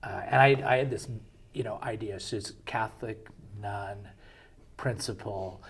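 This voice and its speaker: A man's voice: lowish voice, a little slow, creaky, slight background noise. A middle-aged man hosting an interview show, asking questions and telling anecdotes in a chatty, conversational way. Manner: conversational storyteller, chatty with fillers. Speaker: show host.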